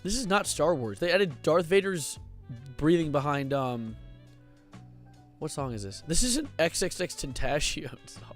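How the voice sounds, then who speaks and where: A young man streaming casual commentary, excitable and rambling, swearing and breaking into sudden loud outbursts. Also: fairly high pitch, unhurried, faint music behind.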